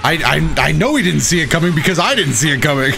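A young man giving excitable, self-mocking live commentary while playing a fighting game. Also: a little high, fast talker, gravelly, a little hiss or hum. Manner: excitable, self-mocking, shouts at big plays. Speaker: gaming YouTuber. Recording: game music playing behind. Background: game music.

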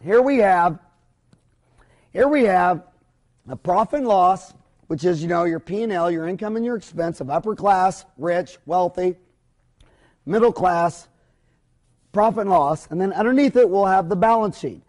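Blunt, high-voiced man lecturing. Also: normal speed, darkish tone. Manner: blunt, opinionated and rambling, with folksy mild cursing. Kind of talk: seminar lecture at a whiteboard.

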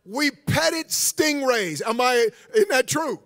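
High-pitched gravelly preacher man. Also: slow. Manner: animated storytelling preacher, calls for audience response. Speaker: guest pastor. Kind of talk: sermon.

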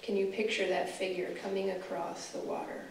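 A woman guest speaker leading a guided scripture meditation, asking the listener slow, reflective questions. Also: medium pitch, little pitch movement. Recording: echoey room from far off, faint hiss.

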